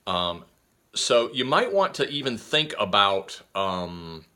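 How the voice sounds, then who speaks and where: A man hosting a casual instructional talk. He is energetic and rambling, with many fillers and restarts. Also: fairly low pitch, slow. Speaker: host.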